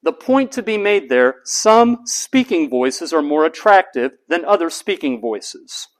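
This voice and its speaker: An American man, a college lecturer, delivers a deliberate lecture and repeats key terms slowly. He demonstrates voice types, dropping to a flat, low monotone for examples.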